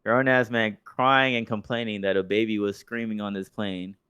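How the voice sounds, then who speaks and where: A young man co-hosting a casual podcast, telling stories loosely with plenty of swearing. His voice sits fairly low and sounds smooth and clear. The recording is close and dry, with no room sound. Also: level tone, normal speed, sharp tone, no room sound, highs cut off. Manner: profane, loose storytelling with mocking impressions. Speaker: podcast co-host. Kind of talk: casual chat.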